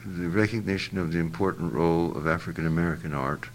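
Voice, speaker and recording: Older male interviewee, rumbling deep gravelly voice, halting and searching for words, faint hiss behind. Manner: halting, searching for words, many fillers and restarts. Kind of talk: reflective interview answer.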